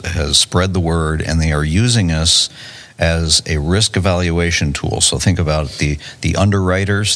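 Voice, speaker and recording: A man's voice: low-pitched, a bit bright. A man, a company CEO, answering questions in a podcast interview with confidence, restarting and repeating words as he goes. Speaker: tech company CEO, guest. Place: conference venue.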